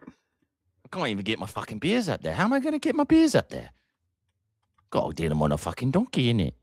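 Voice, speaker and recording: An American man putting on a crude, swearing Cockney bloke, high and loud. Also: wildly swooping pitch, a little fast, husky, no room sound, studio quality, heavily acted. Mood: rowdy joking. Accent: put-on Cockney. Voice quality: rowdy, swearing, joking. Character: loud crude British bloke, hauling beer uphill.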